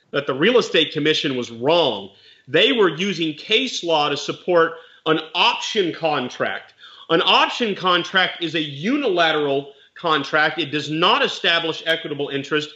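A man's voice: fairly high pitch, lively intonation, a little slow, pushed and bright, lo-fi sound. A man, a real estate investor and mentor, telling a story in casual chat and explaining legal points plainly with animation.

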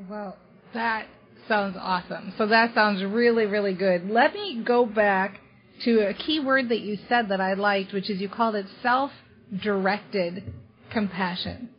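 A woman's voice: medium pitch, normal speed, muffled recording. A woman hosting a podcast interview, friendly, paraphrasing her guest and asking follow-up questions. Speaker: podcast host.

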